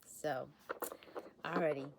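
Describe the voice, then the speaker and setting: A woman talks to her camera in a loose, rambling vlog manner, often restarting her sentences. Her voice is hoarse as she recovers from illness, and it sits low. She speaks slowly. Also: fairly even intonation, noisy background. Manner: chatty, rambling with restarts and soft laughs. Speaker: essential oils channel host. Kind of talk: casual talk to camera. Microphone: facing a camera.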